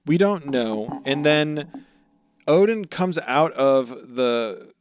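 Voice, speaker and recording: A young man co-hosting a podcast, casually recapping anime episodes with lots of swearing and quick character voices. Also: on the high side, lively intonation. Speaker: podcast co-host.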